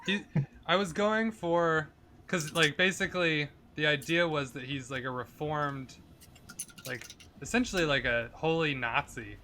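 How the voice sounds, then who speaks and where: A man's voice: fairly high pitch, unhurried, bright, forceful tone, slight background noise. Joking man at a game table. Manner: casual, joking. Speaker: tabletop player.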